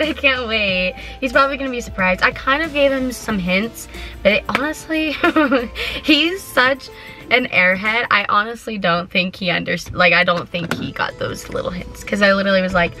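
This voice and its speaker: Giggly, bright-voiced teenage girl. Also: mid-range voice, normal speed, soft background music. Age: teens. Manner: giggly, chatty, excitable, lots of likes. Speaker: vlogger. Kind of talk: casual vlog chat. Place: parked car. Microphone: handheld camera.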